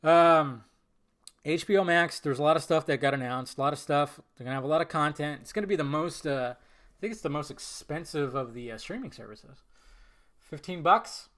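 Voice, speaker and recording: A young man with a bright, somewhat high voice hosts a solo podcast in a casual rant. He swears freely and swings between low, mumbled asides and loud, exasperated outbursts. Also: moderate pace. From Southern California. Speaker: podcast host.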